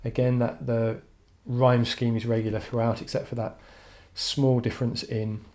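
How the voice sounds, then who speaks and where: A man's voice: medium pitch, little pitch movement, normal speed, dark tone. A man teaching an English literature lesson online, talking thoughtfully with frequent "um"s and restarts. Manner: thoughtful, hesitant with frequent fillers.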